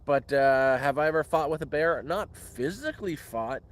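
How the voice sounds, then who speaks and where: Out in the woods, a man hosts a casual live question-and-answer stream, rambling and restarting words. His voice is fairly high and animated, at a moderate pace.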